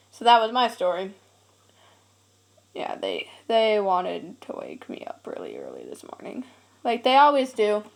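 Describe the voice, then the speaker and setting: A woman's voice: mid-range voice, rough recording. A teenage girl rambling casually into her camera at home, full of "like" and giggly asides. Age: teens. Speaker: vlogger. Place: home, indoors. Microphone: camera set on a shelf.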